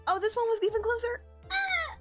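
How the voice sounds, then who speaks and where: A woman's voice: on the high side, animated, moderate pace, soft background music. Giggly chatty young woman streamer. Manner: chatty, giggly, stammering restarts. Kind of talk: casual chat while gaming.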